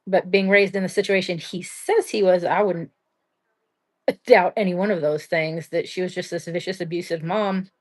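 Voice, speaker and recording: A woman's voice: lowish voice, fairly even intonation, normal speed. A young adult woman hosting a livestream, telling a true-crime story in a blunt, rambling way full of "like" and casual swearing. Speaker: livestream host.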